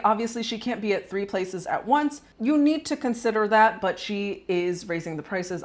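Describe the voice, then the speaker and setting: A woman from the United States hosting a casual commentary video, chatty and opinionated, often tagging on "right?". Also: on the low side. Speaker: commentary channel host.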